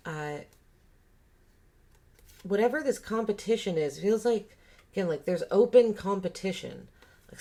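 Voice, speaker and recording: A woman's voice: lowish voice, a little mellow. A woman giving a casual tarot reading, thinking aloud and musing with many fillers and restarts. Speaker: tarot reader.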